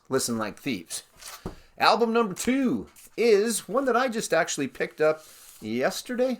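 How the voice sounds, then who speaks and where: A Canadian man hosting his own record-collecting vlog, chatting casually with rambling asides about the albums he shows. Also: medium pitch. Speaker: record collector channel host.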